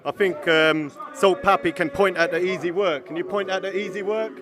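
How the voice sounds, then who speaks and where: A man's voice: high voice, fairly even intonation, moderate pace, music in the background. A man from a fighter's camp, hyping him up in a confident way.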